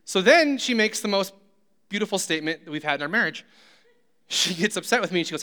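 A man's voice: high-pitched, animated, fast talker, bright, forceful tone. A man preaching a sermon who tells humorous, self-deprecating stories. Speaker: pastor.

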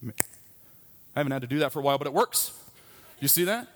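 A man's voice: medium pitch, animated, brisk, a little hiss or hum. Pastor, man in his thirties, delivers a sermon in a frank, chatty storytelling manner. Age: 30s. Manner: candid, conversational storytelling.

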